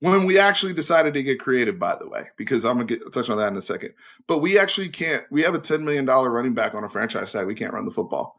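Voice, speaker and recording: This sports host, a man in early adulthood, delivers frank, opinionated takes with plenty of swearing, shifting between shouting and low, forceful remarks. His pitch swings widely, his pace is quick, and his voice has a creaky texture.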